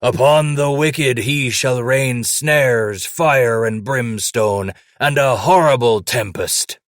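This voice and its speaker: A man voicing an old white-bearded mountain man who speaks in a loud, cheerful, folksy frontier drawl and quotes scripture. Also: measured pace, no echo, studio quality, close to an everyday voice. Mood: thundering. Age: older. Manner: booming folksy frontier drawl, Bible-quoting.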